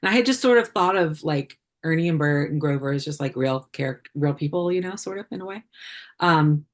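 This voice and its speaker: A woman with a low-pitched voice talks casually as a podcast guest. She wanders through her answers with frequent ums and false starts. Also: lively intonation, fairly quick. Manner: chatty, many fillers and restarts. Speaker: puppeteer guest. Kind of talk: casual interview chat.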